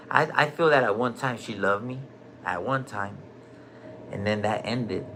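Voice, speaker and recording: A man's voice: mid-range voice, gravelly, bright, forceful tone, a little hiss or hum, poor audio. A middle-aged man telling his own story in casual talk, candid and streetwise, saying "bro" a lot and swearing freely. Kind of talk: casual recorded conversation. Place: hospital room.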